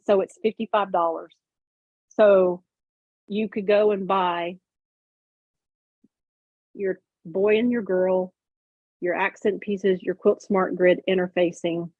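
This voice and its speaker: A woman's voice: lowish voice, husky, no echo, narrow, tinny audio. A woman hosting a casual livestream, explaining step by step with lots of fillers. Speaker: host. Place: home sewing room on a video call.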